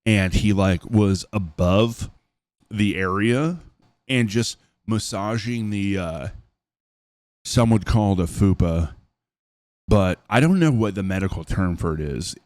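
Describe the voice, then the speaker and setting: A young man with a very low voice gives reaction commentary, wandering and hesitant as he thinks out loud. The sound is dry and close, with no room around it. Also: slow, no echo. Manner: rambling, hesitant, thinks aloud. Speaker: reaction video host.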